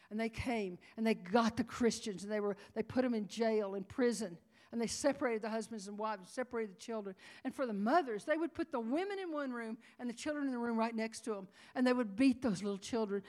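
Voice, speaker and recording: With a darkish tone and medium pitch, a woman tells a sermon story at a conference. Her delivery is dramatic and tearful, falling to whispers and swelling into cries.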